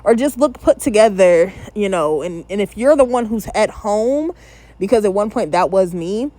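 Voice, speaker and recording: A woman in her thirties talks straight to her audience as host of her own channel. She reacts casually and candidly and drifts into opinionated asides. Her voice sits at an ordinary middle pitch. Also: expressive, normal speed, warm tone, no room sound. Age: 30s.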